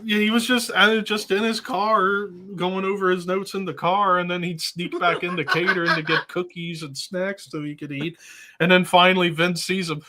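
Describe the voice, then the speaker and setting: A man's voice: high voice, moderate pace, a little hiss or hum. A man hosting a casual chat, telling stories animatedly and acting out the quotes. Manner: animated storyteller, acts out quotes. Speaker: host.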